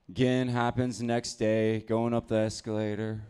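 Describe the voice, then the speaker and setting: A young man doing a stand-up set at a comedy club on a handheld mic, telling his stories in a laid-back deadpan way. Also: fairly low pitch, moderate pace, few pauses, smooth.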